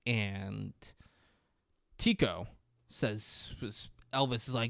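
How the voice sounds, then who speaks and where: A man's voice: slow pace, creaky, no echo, studio quality. A man co-hosting a podcast, rambling through a movie plot in casual, profane chat and acting out the characters' lines. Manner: rambling, profane, acts out quotes with big pitch jumps. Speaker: podcast co-host.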